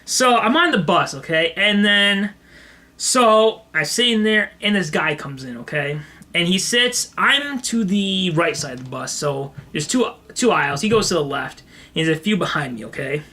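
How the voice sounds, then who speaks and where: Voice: medium pitch, lively intonation, moderate pace, bright, forceful tone. A podcast co-host chatting casually and telling a story, laughing often along the way. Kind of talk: casual comedy podcast chat.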